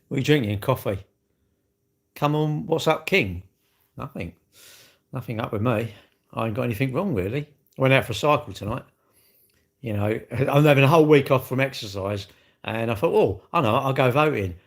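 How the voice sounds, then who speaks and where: A man hosting a casual livestream, speaking at an ordinary middle pitch. He rambles from topic to topic, jokes at his own expense and breaks off to greet viewers. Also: normal speed, long pauses. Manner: rambling, jokey and self-mocking, with asides to viewers. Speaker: livestream host. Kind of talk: casual live-stream chat.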